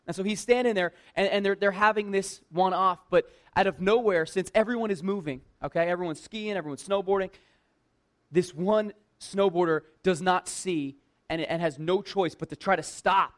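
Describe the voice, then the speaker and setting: A man who works at a church tells a personal anecdote in a lively, conversational way, full of "like" and self-mocking humor. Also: sits high, normal speed. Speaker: church worker telling a personal story. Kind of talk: casual personal storytelling.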